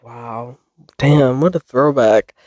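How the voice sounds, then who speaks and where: A very deep, darkish female voice takes its time in this casual solo podcast chat. The host, in her twenties, rambles, jokes at her own expense, swears and laughs frequently, and the studio-quality recording is dry.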